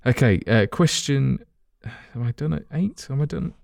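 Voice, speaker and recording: A man's voice: medium pitch, lively intonation, normal speed, creaky, a little mellow, dry recording, studio quality. A man hosting a casual football quiz among friends, reading clues and teasing the players. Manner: teasing, reads clues with playful asides. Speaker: quiz host.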